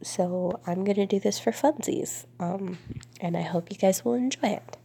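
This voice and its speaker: A congested young woman from Florida chatting casually to camera, drifting into soft whispers between answers. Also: mid-range voice, normal speed, gravelly, husky. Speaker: vlogger.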